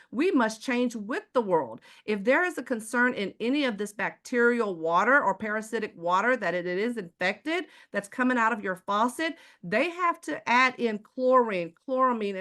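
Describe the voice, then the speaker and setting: A woman's voice: fairly high pitch, fairly bright tone. A woman from Houston with a Texan accent, giving a sales presentation to a live chat audience and asking the audience rhetorical questions in a preachy way. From Houston, Texas. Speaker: water filter seller.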